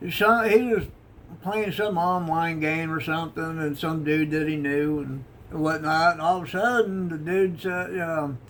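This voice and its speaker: A man's voice: on the high side, a little hiss or hum. A middle-aged man giving a folksy, rambling devotional talk, chuckling at himself. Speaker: online devotional host.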